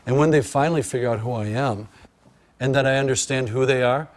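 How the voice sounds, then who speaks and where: A man's voice: medium pitch, a little fast, slight background noise. A man who teaches elementary school, talking frankly and with energy about his class. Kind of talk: documentary interview and classroom teaching.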